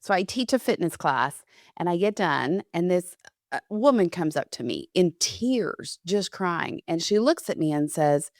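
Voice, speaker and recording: A woman's voice: lowish voice, lively intonation, unhurried, dry recording, clean studio sound. A woman hosting a podcast, telling a personal story candidly in conversation. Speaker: podcast host and fitness instructor.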